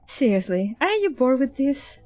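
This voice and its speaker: A captive android girl, read aloud by a woman, drawls her sarcasm with a higher, lively pitch, openly taunting and bored. Her voice sits dry and close, with faint music behind. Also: moderate pace, no echo. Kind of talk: reading game dialogue aloud.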